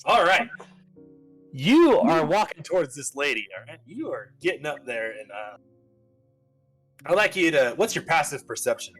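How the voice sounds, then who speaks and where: A man's voice: on the high side, very animated, normal speed, long pauses, a bit bright, breathy edge, faint music behind. A man narrating as game master, casual and rambling with lots of fillers.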